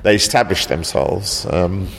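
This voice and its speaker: Deep-voiced man giving halting interview answers. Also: vocal fry, husky. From South Africa. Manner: halting, repeats words, tags sentences with "actually". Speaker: founder of a local heritage group, interviewee.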